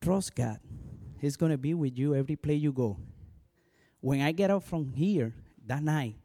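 A man who pastors a church, a native Spanish speaker with a strong accent, shares a lively personal testimony at normal speed. His pitch runs fairly high, and he keeps dropping in "you know."

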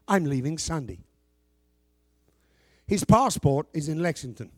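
Close-miked and dry with no room echo, a middle-aged pastor preaches at a measured pace. His high, ringing voice is a little mellow with lively intonation as he booms scripture and then pulls back to low, talky remarks to the congregation.

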